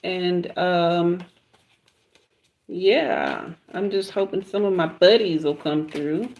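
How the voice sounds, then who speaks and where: Slow, relaxed Southern woman reading tarot. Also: fairly low pitch, vocal fry, highs cut off, slight background noise. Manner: relaxed, chatty, drawn-out pauses. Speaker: tarot reader livestream host. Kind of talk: casual livestream chat and tarot reading.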